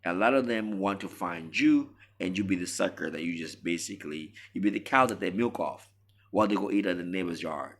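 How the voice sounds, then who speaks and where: A man's voice: deep voice, brisk. A man delivering a preachy, emphatic monologue to camera as a relationship commentator.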